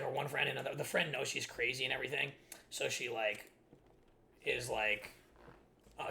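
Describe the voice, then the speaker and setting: This young man streams a game and, in a casual way, recounts his childhood with rambling exasperation and plenty of restarts. His medium-pitched voice is gravelly and a little bright, with some light noise in the background.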